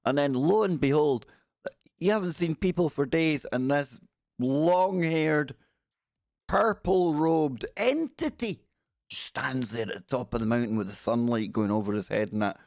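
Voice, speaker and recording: A man hosts a casual livestream, cracking wry jokes and reading news passages aloud as commentary. He speaks at medium pitch, fairly quickly, with a darkish tone. The audio is studio quality with no room sound.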